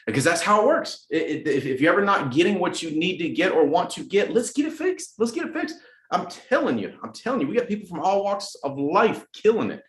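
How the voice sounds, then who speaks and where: A middle-aged man leading a weekly motivational sales meeting, energetic and repeating phrases for emphasis. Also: on the high side, a little fast, few pauses, roomy sound. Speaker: sales team leader hosting a weekly message. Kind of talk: motivational team address.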